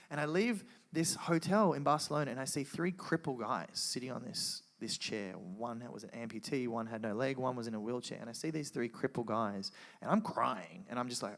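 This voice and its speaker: A man's voice: medium pitch, brisk, vocal fry, hardly any pauses. Earnest man giving an emotional testimony. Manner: earnest, animated storytelling with frequent restarts. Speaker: guest speaker sharing testimony. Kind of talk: emotional personal testimony to a live audience.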